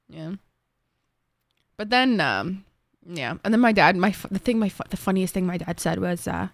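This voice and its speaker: Young woman streamer, Egyptian accent, animated casual chatter, dry close mic. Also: on the low side, normal speed, long pauses, no echo. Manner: chatty, animated, laughs easily, bursts into song. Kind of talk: casual chat with viewers.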